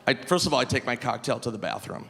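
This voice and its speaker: A male stand-up comedian performing live on stage, animated and shouting his punchlines high. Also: quick pace, gravelly, slight background noise. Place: large live comedy venue. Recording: live hall with long reverb, faint crowd ambience.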